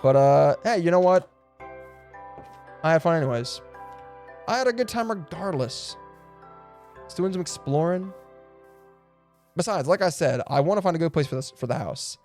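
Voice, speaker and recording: A man streaming a game live, chatting casually and excitably, swearing and laughing often, and cooing at the animals he meets. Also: on the high side, moderate pace, long pauses, soft background music. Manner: coos affectionately at in-game animals. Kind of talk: casual live gameplay commentary.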